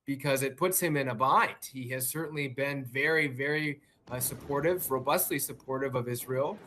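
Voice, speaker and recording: A man reporting live as a news correspondent, measured and pausing on fillers and restarts. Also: medium pitch, bright, forceful tone, a little hiss or hum. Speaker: White House correspondent.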